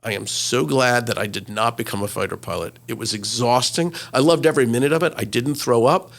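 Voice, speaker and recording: A man in his sixties, a retired news correspondent, telling lively anecdotes as an interview guest, with many fillers. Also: mid-range voice, brisk, creaky. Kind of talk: interview storytelling.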